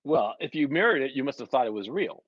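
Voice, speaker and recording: A man hosting a stream, chatting casually with a profane, rambling, animated way of telling stories. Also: mid-range voice, fast. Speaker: stream host. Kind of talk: casual podcast chat. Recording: dry, dull lo-fi sound.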